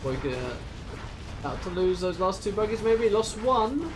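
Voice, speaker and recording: A man from near London with an Essex accent, giving lively play-by-play commentary on a strategy game match and reading out viewer chat. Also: high voice, unhurried, noisy background. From England, near London. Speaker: esports caster.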